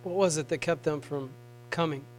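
A man with a high voice preaching a sermon. He drops to hushed, tender tones, then rises to raised, pleading appeals. A faint mains hum runs under the recording. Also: normal speed, low-quality recording.

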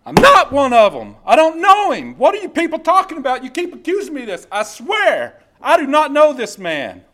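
A preacher acting out a panicked man who loudly and quickly denies knowing someone. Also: extremely high pitch, huge pitch swings, pitched above the performer's own voice, exaggerated voice. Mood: shouting denial. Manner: frantic, loud, fast protesting.

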